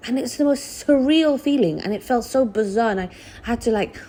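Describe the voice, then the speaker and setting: A woman telling her own story casually to her viewers, acting out what she said back then. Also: normal speed. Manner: animated, reenacts her own past words with big pitch jumps. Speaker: vlogger sharing birth story.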